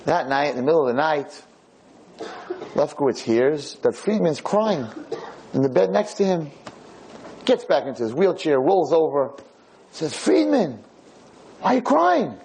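A man's voice: fairly high pitch, lively intonation, unhurried, long pauses, mellow, slight background noise, poor audio. A man lecturing, telling a story in a casual, conversational way.

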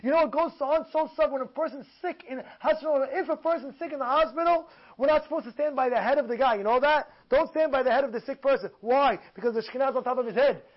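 A man's voice: very high-pitched, fast talker. A man teaching a religious lesson. He repeats himself for emphasis and keeps asking his listeners rhetorical questions. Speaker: Torah teacher. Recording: dull lo-fi sound.

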